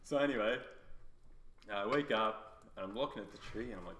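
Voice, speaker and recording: A man's voice: fairly low pitch, fairly quick, fairly bright tone. A young man telling a rambling, laughing story in casual chat, swearing often. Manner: rambling, laughing, heavy swearing, quotes himself. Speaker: podcast guest. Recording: echoey room, background noise.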